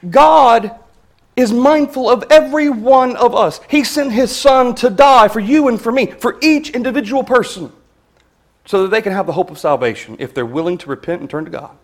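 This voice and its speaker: A man preaching a sermon in an earnest, measured way, reading scripture passages with emphasis. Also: very high-pitched.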